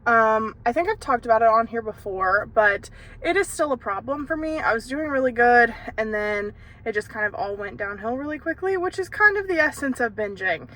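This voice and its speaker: A woman's voice: a little high, lively intonation, moderate pace, bright, forceful tone. A young woman vlogging casually from her car and errands, talking candidly with lots of fillers into a handheld phone camera. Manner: chatty, candid, with frequent fillers and laughs. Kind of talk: casual vlog chat. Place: car and errands on a lunch break.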